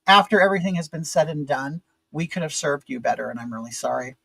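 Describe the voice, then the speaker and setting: A man voicing a calm, evasive male mortuary director with a flat, placating tone. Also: on the high side, quick pace, creaky, breathy edge, no echo, pitched below the performer's own voice, heavily acted. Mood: apologetic.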